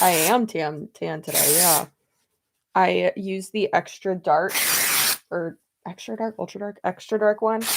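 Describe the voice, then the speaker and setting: A woman's voice: medium pitch, background noise. A young woman chatting casually while getting ready for her day, rambling and laughing often. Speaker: beauty vlogger. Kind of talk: casual get-ready-with-me chat.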